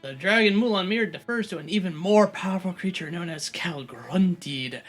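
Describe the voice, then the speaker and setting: A man's voice: high-pitched, expressive, moderate pace, a bit bright, faint music behind. A man co-hosting a game let's play, trading dry teasing banter and reading in-game documents aloud. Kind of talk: casual gaming commentary and reading aloud.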